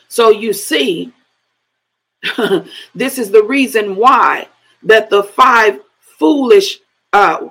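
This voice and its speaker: Slow gravelly-voiced woman preacher. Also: on the high side, a bit bright, poor audio. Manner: breaks into speaking in tongues, laughs between phrases. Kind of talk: sermon.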